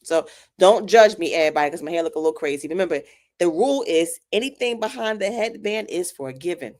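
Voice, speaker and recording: A woman's voice: fairly low pitch, lively intonation, fast talker, a little mellow. A woman co-hosting a radio show, trading playful, teasing banter in casual chat. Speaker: radio co-host.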